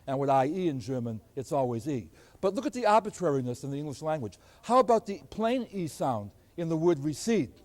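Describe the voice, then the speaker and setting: A man giving a math lecture, explaining ideas in an animated, emphatic way. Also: fairly high pitch, fairly quick, few pauses. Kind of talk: classroom lecture.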